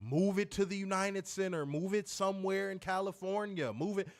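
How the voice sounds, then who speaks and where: A man's voice: high-pitched, moderate pace. A man co-hosting a wrestling podcast, ranting heatedly with plenty of profanity in a casual, fired-up way.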